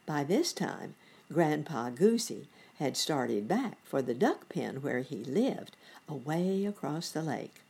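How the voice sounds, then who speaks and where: A woman reading a children's storybook aloud with an animated, lilting delivery. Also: deep voice, takes it slowly, gravelly, husky.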